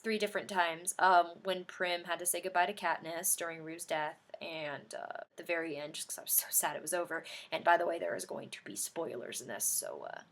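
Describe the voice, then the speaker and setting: A young woman vlogging an excited movie reaction, gushing and animated, with sudden high outbursts. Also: moderate pace, few pauses.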